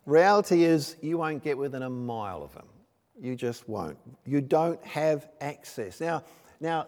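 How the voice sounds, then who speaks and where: A man's voice: fairly high pitch, darkish tone. A man preaching a sermon in a church, conversational and full of rhetorical questions and personal stories. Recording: long reverb of a large hall.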